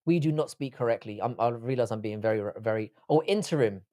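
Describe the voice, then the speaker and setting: A man's voice: medium pitch, brisk, warm tone. A man with a London accent hosting a live stream, chatting casually and bantering with the viewers in a profane, joking way. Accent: London English. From England.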